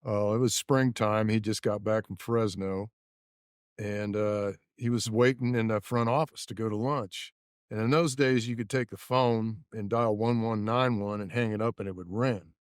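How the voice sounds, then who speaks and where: A low-voiced man in his seventies, from Indianapolis, recounts his racing days in a measured, unhurried way. He leans on frequent "uh" fillers, and the studio sound is dry and close. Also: clear, resonant tone, dry recording. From Indianapolis, USA. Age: 70s. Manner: measured, steady, many "uh" fillers. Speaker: guest, former race mechanic. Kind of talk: casual interview storytelling.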